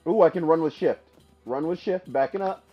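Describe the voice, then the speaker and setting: A man streaming a game for the first time, commentating excitedly, laughing and trash-talking his opponent. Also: fairly high pitch, brisk, breathy edge, lo-fi sound, faint music behind. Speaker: gaming streamer. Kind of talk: casual live gameplay commentary.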